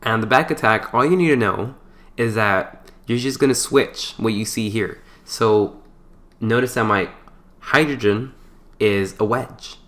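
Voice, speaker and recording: Like a tutor at a whiteboard, a man with a somewhat low voice works through a chemistry problem at a measured pace. He's relaxed and chatty, throwing in playful, jokey asides and correcting himself through small stumbles.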